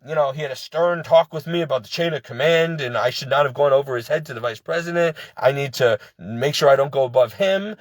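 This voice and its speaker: An angry, upset man vents in a rush, circling back and repeating himself as he talks. His voice sits high for a man. The sound is dry and close, with no room around it. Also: no room sound. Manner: agitated, repetitive venting with many restarts. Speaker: ex-employee venting. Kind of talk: personal rant to camera.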